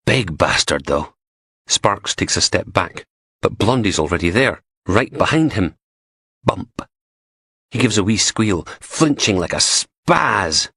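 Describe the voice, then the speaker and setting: A man's voice: sits low, lively intonation, measured pace, fairly bright tone, slightly rough, no echo, clean studio sound. A man narrating a crime audiobook in a gritty, profane, darkly comic manner.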